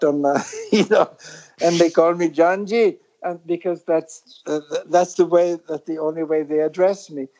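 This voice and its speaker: A middle-aged man from Britain, a guest musician in a casual interview, talking in a reflective, rambling way with many halting restarts. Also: a little high, steady tone, dark tone, highs cut off.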